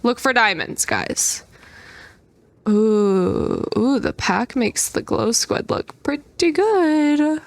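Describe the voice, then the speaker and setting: Woman, young adult, high-pitched, slow-paced, excitable gameplay commentary. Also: gravelly, no room sound. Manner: excitable, with squealing outbursts. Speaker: gaming creator.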